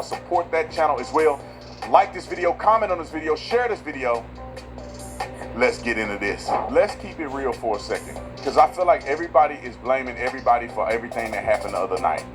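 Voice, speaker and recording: A man hosting a casual political commentary video, talking in an emphatic, slangy way and swinging from loud outbursts to low asides. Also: low-quality recording.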